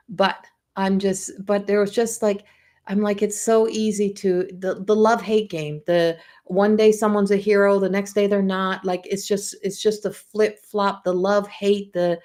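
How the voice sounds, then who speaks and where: A woman's voice: medium pitch, darkish tone. A middle-aged woman from Newfoundland with a Newfoundland accent, a psychic medium chatting casually on a livestream with many restarts. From Newfoundland, Canada. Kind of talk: casual rambling livestream talk.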